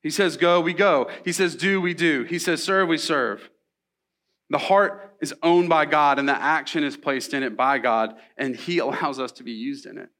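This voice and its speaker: Animated man preaching a sermon. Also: a little high, moderate pace. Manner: animated, conversational preaching with asides to the congregation. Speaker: pastor. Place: church.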